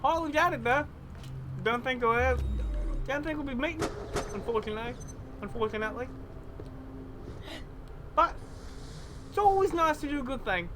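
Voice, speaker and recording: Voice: high voice, lively intonation, moderate pace, pauses often, noisy background. A streamer commentating a live game in a put-on mix of Cockney and Australian accents, rambling and repeating phrases with self-amused asides.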